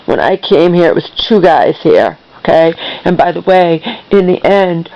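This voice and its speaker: A woman vents on her vlog in a heated monologue, swearing and circling back to the same complaints. Her voice has a gravelly, fried edge. The recording sounds dull and lo-fi. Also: lowish voice, a little slow. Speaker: vlogger. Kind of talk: angry venting monologue.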